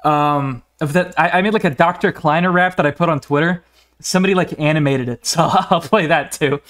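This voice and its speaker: A man's voice: a little high, brisk, fairly bright tone. A young man streaming a game, rambling in casual, profane talk, often restarting sentences and laughing between words. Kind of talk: casual live-stream gaming commentary.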